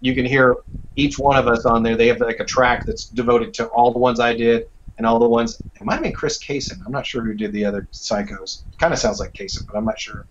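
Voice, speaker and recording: Over a call, another interview with a male voice actor unfolds casually, his speech loose and wandering, packed with fillers and restarts. His mid-range voice moves fairly quickly, and the lo-fi recording carries slight background noise.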